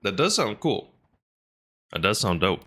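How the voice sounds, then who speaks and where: Low-voiced man streaming a game. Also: measured pace, husky. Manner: relaxed, laughs often, chats with viewers. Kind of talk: casual gameplay commentary to chat.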